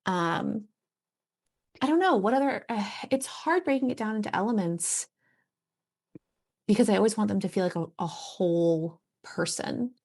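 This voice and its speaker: A woman who writes and teaches writing, chatting casually on a podcast and pausing often to find her thoughts. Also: medium pitch, expressive, darkish tone. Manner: thoughtful, trails off and restarts while thinking.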